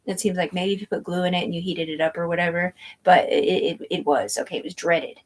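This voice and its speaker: A woman's voice: lowish voice, fairly even intonation, a little fast. A woman telling a long personal story in a rambling, tangential way, swearing freely and piling up fillers and asides. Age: adult.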